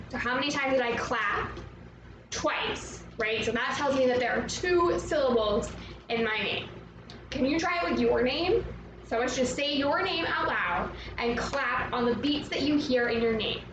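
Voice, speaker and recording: A young woman teaching an online arts lesson to young children, speaking in an upbeat, slow and clear way and inviting the viewer to join in. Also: on the high side, highs cut off. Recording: roomy, echoey, from a distance with background noise.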